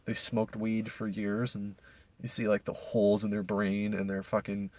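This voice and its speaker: A man's voice: on the low side, monotone, moderate pace, darkish tone. A young man from Canada ranting casually as a podcast host, profane and rambling with many restarts.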